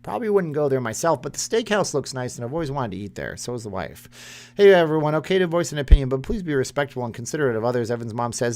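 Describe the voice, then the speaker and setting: A man's voice: medium pitch, lively intonation, fast talker, a little mellow. A man, hosting a casual live stream and reading chat comments aloud in a rambling way. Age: 30s.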